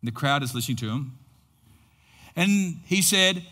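A man preaching a sermon as pastor, telling a story dramatically with long pauses. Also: on the high side, sing-song, a bit bright. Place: church hall. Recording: long reverb in a large hall.

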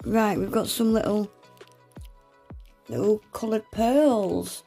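A woman's voice: mid-range voice, takes it slowly, creaky, warm tone, slightly rough, faint music behind. A young woman, unboxing gifts in a casual vlog, gasping and exclaiming often and swearing casually. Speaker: nail art vlogger.

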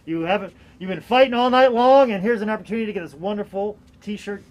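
A man's voice: high-pitched, quick pace. A man hosting a live online auction, chatting and joking with his guest and counting down the bids. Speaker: host and auctioneer.

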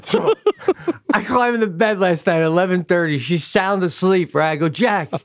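A man with a fairly high voice chats on a podcast, quick to laugh and to swear as he spins everyday stories. He talks in a loose, animated way, straight into a studio mic. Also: smooth. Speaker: podcast co-host. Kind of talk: casual chat, storytelling.

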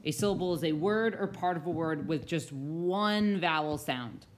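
A woman with a notably low voice walks through a phonics lesson over slides. She explains each point patiently and sounds words out slowly for young listeners. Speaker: reading teacher.

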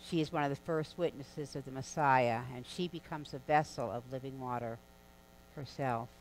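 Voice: medium pitch, normal speed, rough recording. A preacher delivering a sermon in an easy, conversational way, weaving the story along with casual asides. The voice sits in a middle register. A faint electrical hum runs underneath. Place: church sanctuary.

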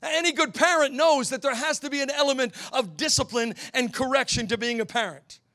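Middle-aged preacher guy, really high voice, tells a story soft then shouts the big lines. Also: brisk. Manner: storytelling, swells to shouting at climaxes. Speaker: pastor. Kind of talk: sermon. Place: church.

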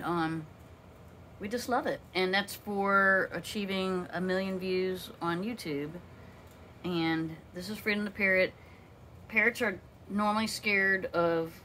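A woman chatting in a casual home vlog from her condo, rambling along and cooing in a high baby voice to her pet bird. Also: pushed and bright, slight background noise. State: out of breath. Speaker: vlogger with a pet parrot.

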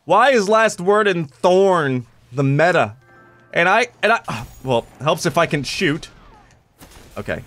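A young man giving excited live gameplay commentary, joking, shouting at opponents and dropping to low mutters. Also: unhurried. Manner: animated, jokey, swings from shouting to muttering. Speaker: gameplay reviewer.

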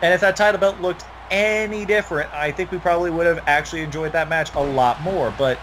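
A man's voice: on the high side, fairly quick, fairly bright tone, a little hiss or hum. A young man commentating a wrestling video game in a rambling, opinionated, profane way.

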